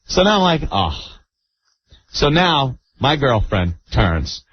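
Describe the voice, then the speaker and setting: A male radio host telling a story in an animated, mock-dramatic way, on a muffled radio broadcast with faint hiss. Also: medium pitch, a little slow, breathy edge, dry recording. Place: radio studio.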